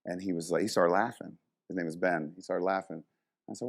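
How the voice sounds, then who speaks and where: Deep-voiced middle-aged strength coach. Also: male voice, brisk, vocal fry. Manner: animated, swears freely, many "you know" fillers. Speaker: strength coach and motivational speaker. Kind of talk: casual storytelling talk.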